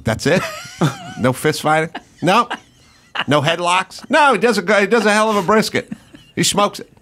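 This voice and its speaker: A middle-aged man with a fairly high, sharp, forceful voice tells long, rambling stories on a podcast. He swears freely and plays up the outrage, and keeps the tone of loose, casual chat. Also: lively intonation, moderate pace. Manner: rambling, profane anecdotes told with mock outrage. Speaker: podcast host.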